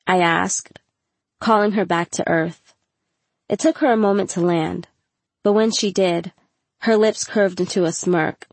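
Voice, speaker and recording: A woman reading a first-person story aloud in a steady, intimate audiobook narration. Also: on the low side, unhurried, long pauses, no room sound.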